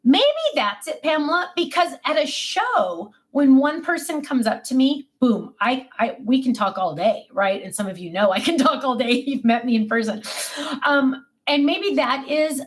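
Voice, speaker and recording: A woman whose voice sits high, speaking at normal speed, runs a casual livestream from her desk at home. Talkative and self-mocking, she discusses herself and answers comments from viewers.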